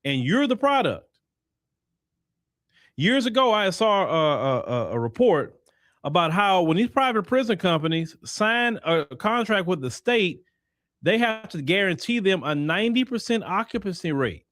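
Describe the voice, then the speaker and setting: A Texan man hosts a commentary show in an emphatic, preachy way. His voice sits a little high and swoops widely as he talks. The sound is dry and close. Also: sing-song, normal speed, fairly bright tone, no echo. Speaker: host. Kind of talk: commentary monologue.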